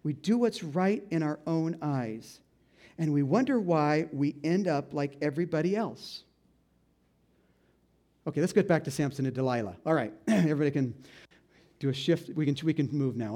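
A male pastor preaching a sermon, animated and joking, with asides and laughter between Bible readings. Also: on the high side, moderate pace.

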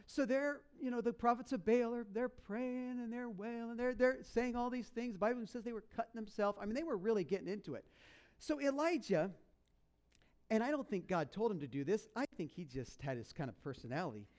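A man preaching a sermon, telling a story in a lively, jokey way and slipping into voices for the characters. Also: extremely high pitch, a little fast. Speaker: pastor.

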